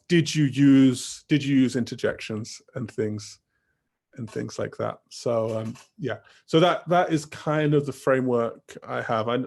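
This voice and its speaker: A man's voice: medium pitch, darkish tone. A young man giving a teacher-training talk over a video call, casual and rambling with many fillers. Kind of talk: online workshop talk.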